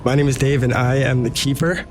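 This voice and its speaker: A man hosting a tabletop game podcast as game master, jokey and quick to laugh, speaking from a home office. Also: medium pitch, fairly even intonation, music in the background.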